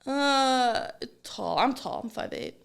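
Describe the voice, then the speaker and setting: A woman comedian chatting as a podcast guest, her voice pitched high and swinging widely as she tells her stories. She swears freely and laughs through much of what she says. The delivery is loose and conversational. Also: expressive, slow pace, gravelly, clean tone. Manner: profane, laughing storyteller. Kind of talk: casual podcast chat.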